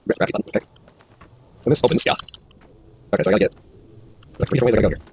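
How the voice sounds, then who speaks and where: A man's voice: lowish voice, expressive, racing. A man races through his thoughts while solving puzzles on stream, muttering to himself in a loose, rambling way with the odd curse. He talks at a breakneck clip over a faint layer of background noise. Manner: rambling, self-talking, swears casually. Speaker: gaming video host. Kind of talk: casual let's-play commentary.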